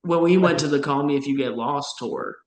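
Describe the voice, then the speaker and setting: A young man co-hosting a podcast, reviewing albums in a measured, analytical way with frequent restarts. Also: a little high, reverberant, low-quality recording. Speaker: podcast co-host. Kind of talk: casual music review chat.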